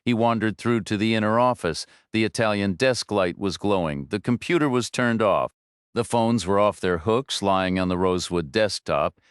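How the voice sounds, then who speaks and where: A man narrating a thriller audiobook in a measured, even storytelling manner. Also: on the low side, smooth, no echo, clean studio sound.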